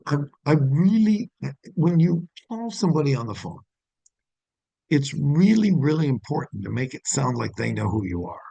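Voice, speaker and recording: A middle-aged male sales trainer with a gravelly, husky voice, heard close and dry. He teaches in a conversational way and breaks into bright, friendly phone greetings as examples. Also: on the high side, very animated, moderate pace, no room sound, rough recording. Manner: demonstrates phone greetings in an upbeat voice.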